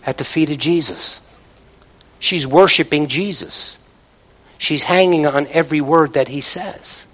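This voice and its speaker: A man's voice: on the high side, measured pace, fairly bright tone, rough recording. A man preaching a sermon from the pulpit in a conversational way, calling out to the congregation. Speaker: pastor. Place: church, from the pulpit.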